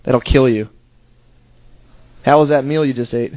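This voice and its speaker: Deadpan man cohosting a crude podcast. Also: mid-range voice, unhurried, slight background noise. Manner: deadpan, mock-indignant teasing. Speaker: podcast co-host. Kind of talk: casual comedic banter. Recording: dull lo-fi recording.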